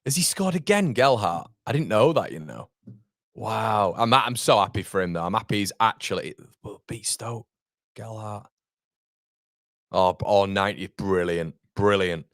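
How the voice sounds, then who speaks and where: A man's voice: fairly low pitch, expressive, normal speed, no echo, clean studio sound. A man, hosting a live football watchalong and chatting bluntly, with the odd swear word. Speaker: fan channel host. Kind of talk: live match watchalong commentary.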